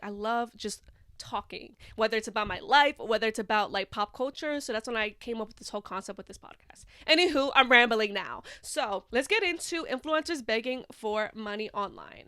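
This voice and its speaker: A woman's voice: fairly high pitch, fairly bright tone, smooth, no room sound, studio quality. A young woman hosting a casual podcast, talking in a chatty, rambling way with lots of "like". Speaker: podcast host.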